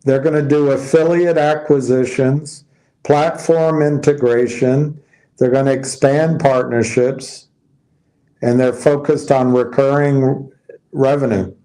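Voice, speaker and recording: Male commentator, slow and laid-back, reads headlines and riffs on them, restarts sentences freely. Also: mid-range voice, steady tone, warm tone, poor audio. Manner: musing, reads headlines aloud and explains them; loose, restarting sentences, tired and yawning. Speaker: stock commentator. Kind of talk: casual market commentary.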